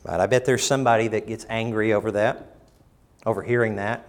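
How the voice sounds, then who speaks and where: During his sermon, a pastor alternates emphatic surges with low, soft passages and occasionally voices quoted lines in mock tones. His delivery is brisk and smooth, with fairly even intonation.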